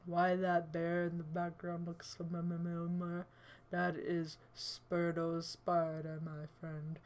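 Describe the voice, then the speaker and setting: A woman livestream host putting on a deep man voice while chatting jokingly with her viewers. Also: completely flat delivery, darkish tone. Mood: playful. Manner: slow, drawling, jokey and theatrical. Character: put-on deep man voice, playful.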